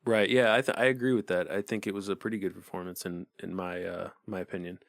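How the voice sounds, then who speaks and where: A man co-hosting a movie podcast, easygoing and agreeable in casual chat, and quick to laugh. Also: low-pitched, fairly even intonation, vocal fry, no room sound, clean studio sound. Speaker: podcast co-host.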